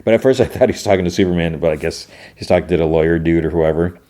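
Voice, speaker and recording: Brief: male podcast host, low pitch, rambling casual recap, stop-start delivery. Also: racing, dark tone. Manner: rambling retelling full of "he's like" and restarts.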